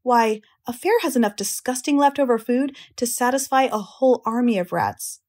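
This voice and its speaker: A woman's voice: on the high side, expressive, moderate pace, darkish tone. A woman doing a knowing old sheep. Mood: relishing.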